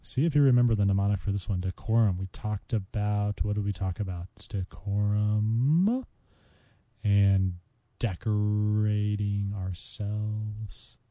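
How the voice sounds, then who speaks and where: A man's voice: fairly low pitch, fairly even intonation, fairly quick, few pauses, no echo, lo-fi sound. A man hosting a casual vocabulary podcast, chatting playfully as he walks through word mnemonics. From United States. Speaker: podcast host teaching vocabulary.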